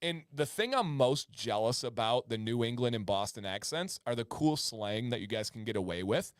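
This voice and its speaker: A man's voice: medium pitch, lively intonation, moderate pace, smooth, no echo. A man co-hosting a livestream, chatting casually and reading out viewer comments. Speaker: livestream co-host. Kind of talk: casual chat.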